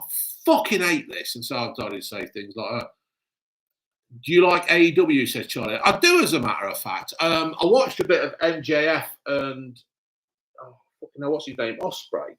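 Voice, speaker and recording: A man's voice: medium pitch, very animated, brisk, sharp tone. A man hosting a live stream, swearing a lot and ranting bluntly in casual chat. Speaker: livestream host.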